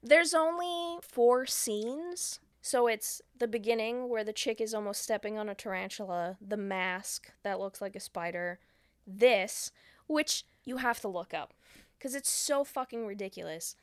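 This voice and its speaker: Woman, podcast co-host, casual profane recap, fairly high voice. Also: unhurried, no echo, studio quality. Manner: profane, animated retelling with acted quotes. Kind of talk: casual movie recap chat.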